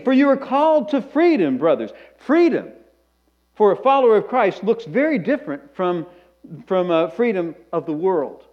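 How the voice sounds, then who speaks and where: A man's voice: sits high, lo-fi sound. A pastor preaching a sermon in a conversational way, often restarting phrases and tossing in asides to his congregation.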